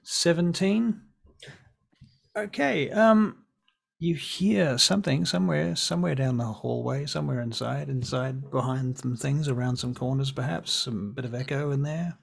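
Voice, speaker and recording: Gravelly-voiced male game master. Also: mid-range voice. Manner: halting, searching for words, restarts descriptions. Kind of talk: narrating a tabletop game.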